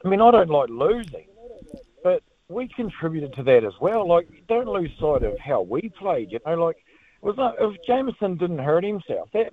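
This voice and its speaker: Lively New Zealand man on a phone line. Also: a little high. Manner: animated, rambling, lots of "like" and "mate". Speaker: caller.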